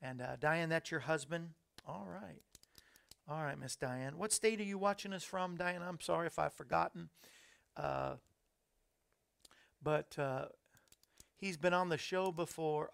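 A man's voice: fairly high pitch, measured pace, gravelly, fairly bright tone. A man hosting a casual live show from a small studio, chatting and reading viewer comments aloud with upbeat asides. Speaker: show host. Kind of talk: casual live-stream chat. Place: small studio under hot lights. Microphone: studio microphone.

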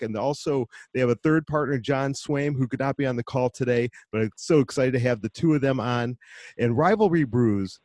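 A man hosting an interview show, enthusiastic and energetic as he introduces guests and asks questions. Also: mid-range voice, no room sound. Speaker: podcast host.

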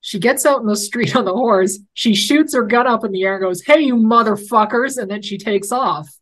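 A woman's voice: medium pitch, a little fast, low-quality recording. A woman co-hosting a casual podcast, bluntly retelling TV scenes and swearing freely as she acts out the characters' lines. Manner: blunt, profane, retells scenes with acted quotes. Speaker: podcast co-host. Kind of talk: casual TV recap chat.

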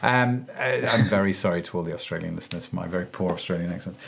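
A man's voice: sits low, fast, vocal fry, a bit bright. A male podcast host who wraps up a casual interview in an upbeat, effusive way and laughs easily.

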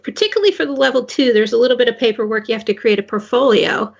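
A woman guest on a radio chat explains a driving certification, hesitating and restarting often. Her higher voice carries a gravelly, husky grain, and the line sounds dull and lo-fi. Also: racing. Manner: hesitant, many fillers and restarts. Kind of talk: casual radio interview.

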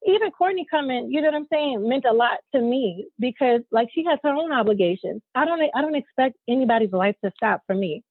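A woman's voice: on the high side, lively intonation, fairly quick, few pauses, slightly rough, no echo. A woman in casual podcast chat, talking candidly and emphatically and swearing freely. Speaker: co-host, newly married. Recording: tinny phone-like sound.

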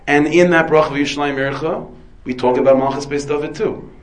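On poor-quality audio, a US rabbi lectures on Torah at a quick pace, his fairly high voice keeping a fairly even intonation. He asks and answers his own questions, and his speech is dense with Hebrew and Yiddish terms.

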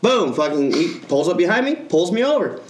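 A man's voice: high-pitched, very animated, brisk, roomy sound. A man hosting a casual podcast, telling a story in a profane, ranting way. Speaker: podcast co-host.

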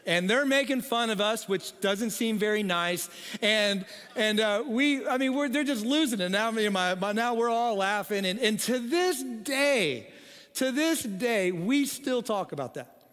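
High-voiced man preaching, echoing hall. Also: lively intonation, a little slow, fairly bright tone, clean tone. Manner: humorous storytelling with frequent "okay?" asides. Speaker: pastor. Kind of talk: sermon. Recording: long hall reverb.

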